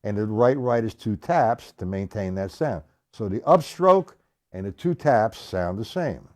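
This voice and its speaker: A man's voice: lowish voice, expressive, a little slow, very noisy. A man giving a live-streamed drum lesson, talking bluntly and emphatically, repeating his points as he demonstrates strokes. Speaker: drum teacher. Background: drum hits.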